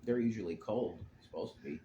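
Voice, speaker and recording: A man co-hosting a podcast, relaxed and joking with the odd curse. His voice bounces around an echoey room with a faint hiss of noise behind it. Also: lowish voice, fast talker, muffled recording. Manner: laid-back, joking, swearing. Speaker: podcast co-host. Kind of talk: casual chat.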